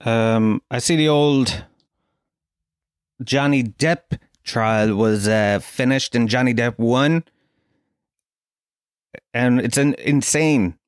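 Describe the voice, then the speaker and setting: An Irish man in his forties with a Kerry accent rants in a profane, incredulous comic monologue. He swears freely and speaks at a mid pitch. The recording is dry and close, with no room sound. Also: slow pace, long pauses, clear, resonant tone, no echo. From Ireland. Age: 40s.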